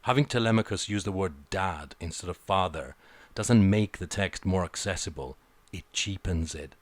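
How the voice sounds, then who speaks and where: A man's voice: deep voice, normal speed, no echo. A man giving an opinionated film review, blunt and sarcastic, swearing freely.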